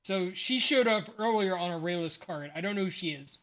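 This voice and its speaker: A man's voice: high voice, brisk, a bit bright. A man in his forties with a sleepy morning voice, chatting casually and rambling aloud on a livestream while unboxing cards. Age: 40s. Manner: rambling, thinks aloud, jokes at himself. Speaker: streamer.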